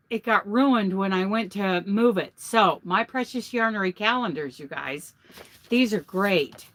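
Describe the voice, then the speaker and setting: A woman's voice: fairly high pitch, pushed and bright. A woman hosting her crochet vlog, chatting and gushing over handmade gifts from a truck. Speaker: vlog host. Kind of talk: casual chat showing crochet gifts. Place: inside a truck.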